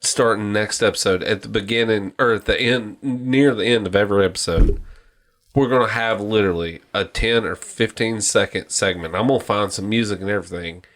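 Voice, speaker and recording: A man's voice: lowish voice, a little fast. A man hosting a podcast in casual chat, ranting and telling stories with lots of swearing. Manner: profane, ranting, animated storytelling. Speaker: podcast host.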